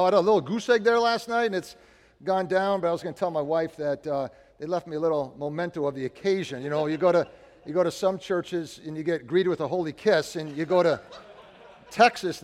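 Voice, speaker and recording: Guest preacher from Chicago, a high-voiced man, chatty storyteller, booming church reverb. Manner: chatty, self-deprecating storytelling, lively swings in loudness. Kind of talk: sermon opening with personal stories. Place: church sanctuary. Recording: long hall reverb.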